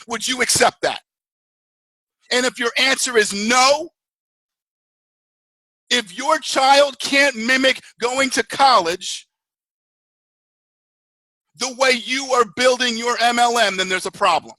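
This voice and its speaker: A man delivers a motivational talk as a network marketing mentor, in an animated, storytelling way. His voice sits high and sounds bright and forceful. The recording is dry and close. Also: slow, dry recording, low-quality recording. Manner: animated storytelling, acts out screaming riders.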